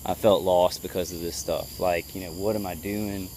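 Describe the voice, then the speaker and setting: A man giving a personal video update, halting and full of fillers and restarts, trying to stay calm and level. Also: low-pitched, slight background noise. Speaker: vlogger.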